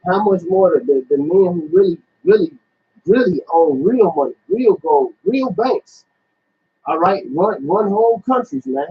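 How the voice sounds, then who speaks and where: A man's voice: high-pitched, animated, measured pace, a little hiss or hum. A man talking emphatically and profanely, repeating his words, in a casual religious discussion. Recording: dull lo-fi recording.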